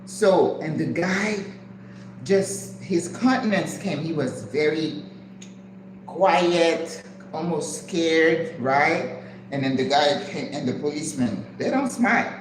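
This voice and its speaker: An older woman hosting a live stream, telling a story in an animated way and acting out the voices of people in it. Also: slow pace. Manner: animated, acts out voices with big pitch jumps. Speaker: channel host. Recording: echoey room with background noise.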